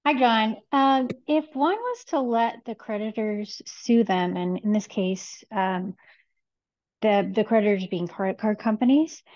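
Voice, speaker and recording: A woman's voice: mid-range voice, unhurried, darkish tone, highs cut off. A woman calling in to ask a question, speaking hesitantly and thoughtfully with fillers. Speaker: caller asking a question. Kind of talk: casual question and discussion.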